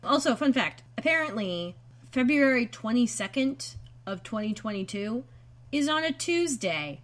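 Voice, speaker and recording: A woman co-hosting a casual podcast from a home room, her voice sitting a little high and swinging up and down a lot. She giggles often and wanders off into playful asides. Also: big pitch swings, a little slow. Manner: giggly, goes off on playful tangents. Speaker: podcast co-host. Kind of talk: casual chat. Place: home room being moved out of.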